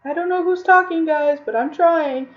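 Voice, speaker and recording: A woman streamer voices every character in a detective visual novel, reading the game dialogue aloud with voice acting and chatting to viewers between lines. She is tearful and close to crying, and her voice is extremely high, at a moderate pace. The recording is muffled, with a noisy background.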